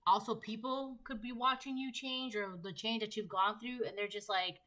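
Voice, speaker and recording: A woman doing a tarot reading, bright and forceful, pushing the same point again and again. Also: a little high, steady tone, moderate pace, hardly any pauses, poor audio. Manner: emphatic, repetitive rhetorical questions. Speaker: tarot reader. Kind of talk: collective tarot reading monologue.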